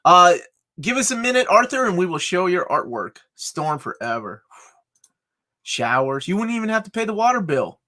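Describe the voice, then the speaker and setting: Animated joking man co-hosting. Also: sits high, normal speed. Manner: joking, animated, reads chat aloud. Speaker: co-host. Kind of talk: casual live chat.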